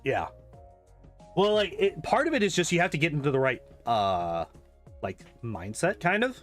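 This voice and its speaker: A man chatting casually and rambling while playing a game, swearing freely and laughing often. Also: mid-range voice. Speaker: gaming streamer.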